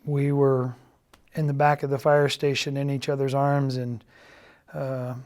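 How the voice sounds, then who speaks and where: A middle-aged man giving a halting, earnest confessional testimony, often dropping to a quiet, subdued tone. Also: mid-range voice, level tone. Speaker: church member giving a personal testimony.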